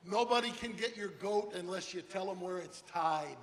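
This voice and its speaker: An older man giving a humorous motivational keynote speech, animated storytelling and rhyming slogans. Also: high-pitched, fairly quick, few pauses. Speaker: keynote speaker. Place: large hall with an audience. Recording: echoey hall, faint noise.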